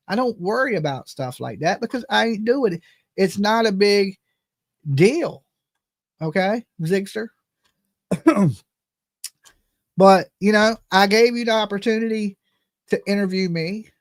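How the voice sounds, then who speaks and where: A high-pitched man with a drawl hosts his own channel, ranting in a casual, animated way. His talk is loose and joking, with sudden jumps in volume. The sound is dry and close, with no room echo. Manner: animated, joking, drops into mock voices. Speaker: channel host.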